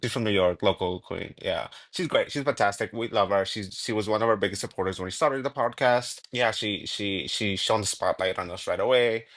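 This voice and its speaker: A male podcast co-host with a somewhat low voice. He rambles through anecdotes, restarting sentences and swearing casually. The delivery is relaxed and conversational. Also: a little fast, hardly any pauses.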